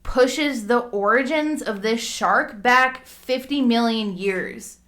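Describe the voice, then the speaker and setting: A woman's voice: on the high side, slow, fairly bright tone. A woman co-hosting a podcast in casual chat, laughing often and stumbling over her notes. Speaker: podcast co-host.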